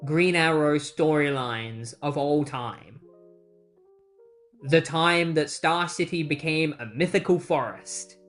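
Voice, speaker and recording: A comic book retrospective host runs through the plot in a loose, conversational way. The host drops wry asides and the occasional curse along the way. The voice sits in a middle pitch. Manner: breezy, wry, swears casually, acts out quotes. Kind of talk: casual plot recap.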